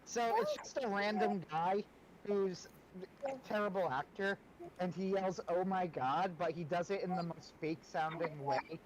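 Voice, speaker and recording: A man co-hosting a casual livestream chat, chatty and quick to laugh as he tells stories. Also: sits high, slight background noise, low-quality recording. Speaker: livestream co-host.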